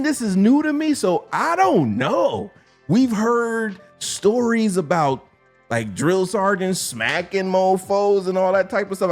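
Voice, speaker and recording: Animated, profane army veteran man. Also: a little high. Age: 40s. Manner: animated, profane, laughs often, acts out quotes. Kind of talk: casual storytelling.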